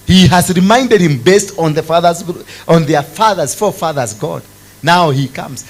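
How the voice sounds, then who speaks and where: Male preacher, fervent, a fairly high voice that leaps around, faint hum behind. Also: lively intonation, moderate pace, low-quality recording. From Kenya. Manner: fervent, swings from loud exclamations to low intense tones. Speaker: apostle preaching. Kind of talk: sermon.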